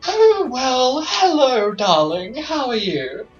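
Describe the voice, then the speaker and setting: A game master voicing a theatrical, doting ancestor spirit with an affected, drawn-out manner. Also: sits high, wildly swooping pitch, reverberant, faint music behind, voice pushed up, exaggerated voice. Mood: sassy. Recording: dull lo-fi mic.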